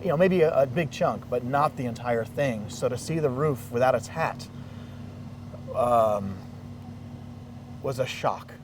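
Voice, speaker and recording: Man, mid-pitch, animated storyteller acting out quotes; outdoor interview, distant mic. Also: a little slow, long pauses, noisy background. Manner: animated, acts out quoted dialogue. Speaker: interviewee, local resident. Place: outdoors in a residential neighborhood.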